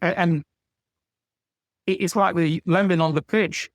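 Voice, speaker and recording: A man's voice: sits high, fairly even intonation, measured pace, dry recording. Rambling man in his sixties. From England. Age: 60s. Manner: rambling anecdotal, frequent stammered restarts. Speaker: podcast guest. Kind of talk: casual storytelling chat.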